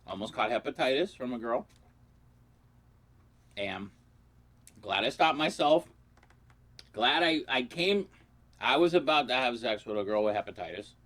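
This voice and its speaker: A man with a bright, forceful voice spins crude stories straight to camera. His talk rambles and swears freely, always angling for the next joke. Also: medium pitch, expressive, measured pace, pauses often. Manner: rambling, profane, joking. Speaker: comedy vlogger. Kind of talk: crude comic storytelling vlog.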